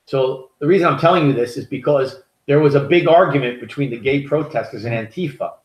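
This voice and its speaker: A man's voice: mid-range voice, brisk. An American man co-hosting a podcast, telling stories in a heated, profane, rambling way. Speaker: podcast co-host. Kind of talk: casual opinionated podcast chat. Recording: echoey room.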